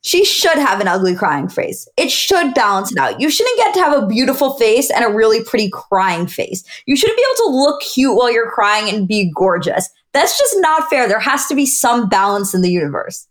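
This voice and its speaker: A woman's voice: a little high, sing-song, normal speed, hardly any pauses. A woman co-hosting a podcast, chatting playfully and laughing as she talks. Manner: playful, laughs while talking. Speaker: podcast co-host. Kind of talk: casual chat.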